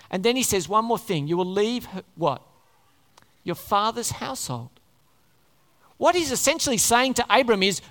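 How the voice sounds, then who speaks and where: A preacher giving a sermon to a live congregation, talking in an animated way and often putting questions to the listeners. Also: mid-range voice, normal speed. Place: large hall before a congregation. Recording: long hall reverb.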